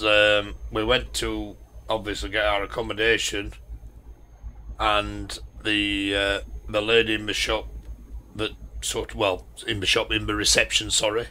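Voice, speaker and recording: A man with a Yorkshire accent chats his way through a driving game, wandering off into stories. His voice sits fairly low but comes out bright and forceful. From Yorkshire, England. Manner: rambling, chatty storyteller. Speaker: gaming channel host. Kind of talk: casual driving-game commentary.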